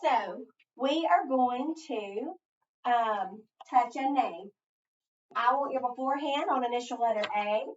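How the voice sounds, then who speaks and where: A woman's voice: a little high, measured pace, slight background noise. A middle-aged woman teaching phonics to a child, asking patient prompting questions. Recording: echoey, distant, dull recording.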